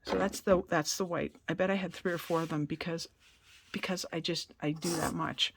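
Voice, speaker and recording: A woman's voice: lowish voice, steady tone, normal speed, gravelly, breathy edge. A woman from Canada giving a casual card-making tutorial in her basement studio, chatty and self-deprecating, thinking aloud as she works. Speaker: craft demonstrator.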